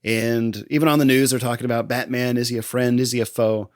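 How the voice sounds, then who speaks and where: A man's voice: mid-range voice, level tone, brisk, no room sound. Man casually recapping a film, dry sound. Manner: laughs often, acts out quotes in passing. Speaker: podcast host. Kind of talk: casual movie recap chat.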